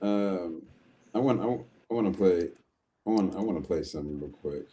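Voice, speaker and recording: Low-voiced hesitant male co-host. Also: moderate pace, dark tone, slight background noise. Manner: hesitant, full of fillers and restarts. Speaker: podcast co-host. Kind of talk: casual chat.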